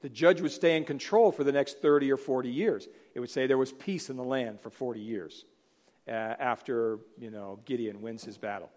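A middle-aged man preaching a sermon, animated, acting out Bible figures in voices. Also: mid-range voice, moderate pace. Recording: long hall reverb.

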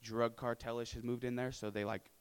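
A man's voice: medium pitch, flat delivery, fairly quick, clean tone, rough recording. A young man telling his supporters about his mission work in a casual, earnest way, with many fillers and tag questions. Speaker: returned mission volunteer. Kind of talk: personal testimony to supporters.

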